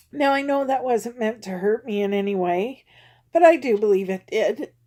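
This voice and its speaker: A woman in her fifties talking to her viewers in a personal confessional vlog. She speaks haltingly, with many pauses, and sounds close to tears at times. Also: a little high, lively intonation, dark tone. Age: 50s. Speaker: vlogger.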